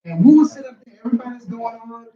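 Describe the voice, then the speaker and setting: A man in a couples workshop sharing a personal story in a reflective, halting way. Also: very high voice, animated, dark tone. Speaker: workshop participant. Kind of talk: personal storytelling in group discussion. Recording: distant, dull, roomy recording.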